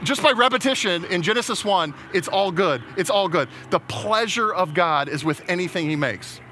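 A man's voice: high voice, lively intonation, moderate pace, pushed and bright, a little hiss or hum. A man preaching a sermon in a casual, conversational way, often restarting his words and laughing at his own jokes. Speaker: pastor.

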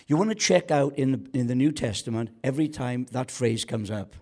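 A man's voice: mid-range voice, expressive, normal speed, dark tone. A man preaching a sermon as a guest pastor, colloquial and joking, building to passionate calls to the congregation.

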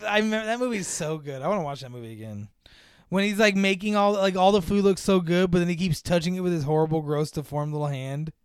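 A man with a smooth, clear voice pitched a little high, chatting casually on a movie podcast. He jokes crudely and drops into quick impressions of characters, and the sound is dry and close. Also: no echo. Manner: joking, crude, does quick voices when quoting characters. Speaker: podcast co-host.

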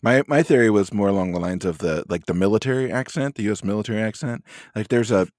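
A man's voice: lowish voice, fast, darkish tone, no echo, clean studio sound. A man co-hosting a casual podcast chat, rambling and joking with lots of hedges. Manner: rambling, hedging, jokey. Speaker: podcast co-host.

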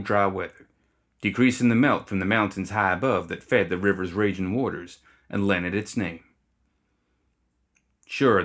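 A man reading fantasy fiction aloud as narrator, in a wry, even storytelling manner. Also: low voice. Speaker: audiobook reader.

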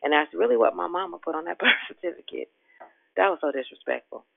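A woman's voice: on the low side, lively intonation, fast, gravelly, dry recording. A woman, hosting a devotional prayer call in an exuberant, folksy way and laughing often. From Richmond, Virginia. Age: 50s. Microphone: phone. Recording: tinny phone line, dry.

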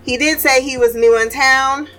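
A woman's voice: high-pitched, steady tone, normal speed, a bit bright, soft background music. A woman hosting a casual TV recap, blunt and profane, laughing often as she reviews an episode. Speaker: TV recap podcast host.

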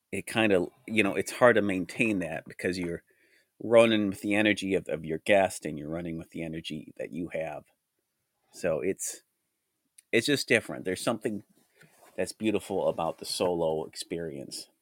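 A man hosting a solo podcast with a groggy, hoarse voice from a cold, talking in a rambling, reflective way. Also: sits low, moderate pace, long pauses, no echo, studio quality. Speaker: podcast host. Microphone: studio mic.

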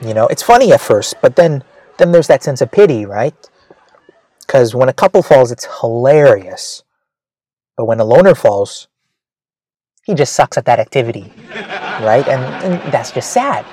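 A man's voice: medium pitch, very animated, normal speed, long pauses, mellow. A male comedian telling a rambling, self-mocking story, with frequent "right?" asides.

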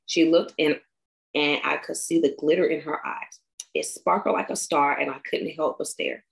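Young woman, crying, creaky, halting emotional reading, memorial tribute. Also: sits low, fairly even intonation, poor audio. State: tearful, crying.

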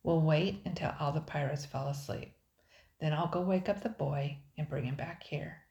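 A woman's voice: deep voice, moderate pace, vocal fry, warm tone, roomy sound, highs cut off. Jasper, a grandma doing a nervous young boy. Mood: planning. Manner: nervous, protesting. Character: boy Jasper, anxious older brother.

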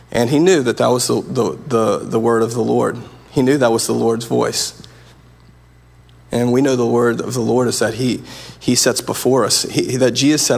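A man's voice: medium pitch, steady tone, moderate pace, vocal fry, slightly rough. A man preaching a sermon as pastor, earnest and conversational, often restarting his sentences.

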